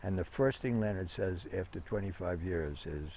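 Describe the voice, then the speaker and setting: A man's voice: low voice, normal speed, hardly any pauses, warm tone, slight background noise. A man telling long anecdotes in a conversational interview, rambling with fillers and restarts. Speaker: interview guest. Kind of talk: conversational storytelling.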